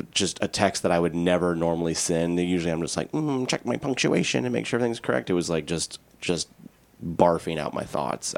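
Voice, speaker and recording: A man co-hosting a podcast, telling a personal story in a candid, rambling way. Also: deep voice. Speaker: podcast co-host. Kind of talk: casual podcast chat.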